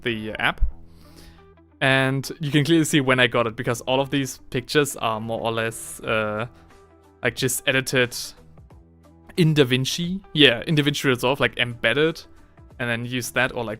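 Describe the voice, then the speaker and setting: A young man chatting casually on a live stream, rambling with lots of fillers and slang, and getting excitable at times. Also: mid-range voice, clear, resonant tone. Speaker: livestreaming miniature hobbyist.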